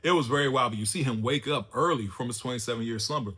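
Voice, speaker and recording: A man's voice: medium pitch, fast, sharp tone, slightly rough. A man giving a loose, chatty spoken recap of a TV episode, full of slang and fillers. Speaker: TV show reviewer.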